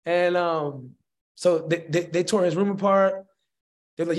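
A man, a musician guest, telling a story in a slangy, rambling and animated way. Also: sits high, unhurried. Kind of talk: casual storytelling.

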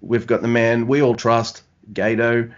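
Relaxed rambling man in casual chat. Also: medium pitch, measured pace, muffled recording. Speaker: podcast co-host.

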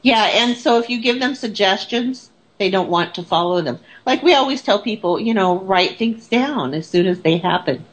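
A woman's voice: medium pitch, lively intonation, normal speed, few pauses, poor audio. A woman in casual conversation, a paranormal investigator who tells stories in a chatty way and acts out the people she quotes.

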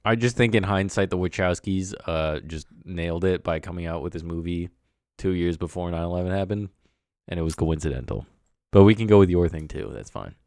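Low, dry-witted young man. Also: fairly quick, a little mellow, no room sound. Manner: dry, wry, laughs often. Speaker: podcast co-host. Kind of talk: casual comedy podcast chat.

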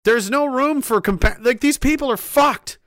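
Guy with a pretty high voice ranting hard, swearing a lot, rambling and restarting, dry close sound. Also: normal speed, a bit bright, no echo. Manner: heated, profane, emphatic. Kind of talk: profane opinion rant.

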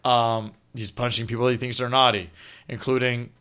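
Bright-voiced man recapping a horror film. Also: medium pitch, normal speed, smooth. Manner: animated storytelling with swearing and laughs. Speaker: podcast co-host.

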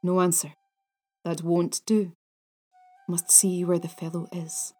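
A woman voicing a grim male ghost warrior with a deep, gruff voice that mutters low. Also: level tone, takes it slowly, a little mellow, soft background music. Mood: gruff muttering.

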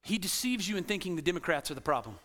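A man preaching a sermon as pastor to a congregation in a church, animated and swinging between loud emphasis and quiet intensity. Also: sits high, very fast. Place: church sanctuary.

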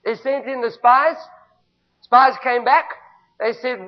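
South African male pastor, very high voice, emphatic call-and-response preaching, muffled lo-fi recording. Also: fairly even intonation, slow pace, long pauses. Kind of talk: sermon. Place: church. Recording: dull lo-fi recording.

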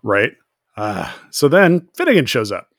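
A man co-hosting a podcast, casually recapping a TV episode, laughing often and acting out characters in quick voices. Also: mid-range voice, wildly swooping pitch, no echo, studio quality. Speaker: podcast co-host.

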